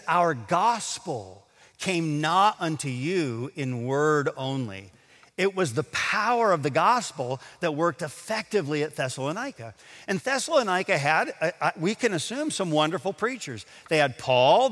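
A man preaching a sermon to a congregation, emphatic, slowing down to stress scripture quotes. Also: sits high, big pitch swings, a bit bright, big-room sound. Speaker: pastor. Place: large auditorium.

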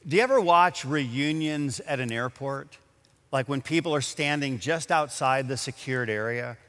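A man's voice: mid-range voice, normal speed. A man preaching a sermon as a pastor, telling stories and building to emphatic, rising peaks. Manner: animated, storytelling with rising emphasis. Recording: long hall reverb.

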